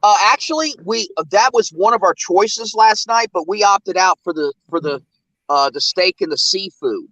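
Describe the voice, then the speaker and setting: A man's voice: sits high, moderate pace, pushed and bright, no room sound, rough recording. A man, chatting casually as a host and rambling with plenty of fillers. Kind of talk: casual chat.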